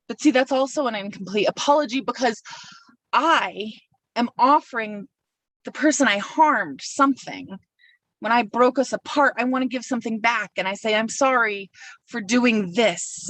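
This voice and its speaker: A woman's voice: mid-range voice, dry recording, distant mic, rough recording. A woman delivering a sermon from a pulpit, reflective and personal, speaking her feelings aloud as she works through them. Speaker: minister.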